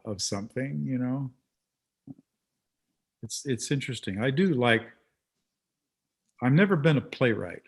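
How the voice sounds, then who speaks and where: A man hosting a casual chat, talkative, slipping into lively, animated retellings of what he and others said. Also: fairly low pitch, slightly rough. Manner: chatty, animated when telling stories. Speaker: host.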